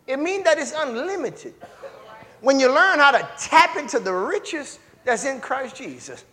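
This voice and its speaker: A man, preaching a sermon in a church with repeated, rhythmic call-outs and shouted peaks. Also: very high voice, long reverb tail.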